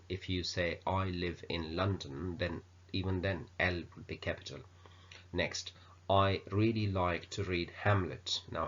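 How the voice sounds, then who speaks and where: A man teaching an English grammar lesson, explaining slowly with many ums and uhs. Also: sits low, a bit bright. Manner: unhurried explaining with many fillers. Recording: dull lo-fi recording.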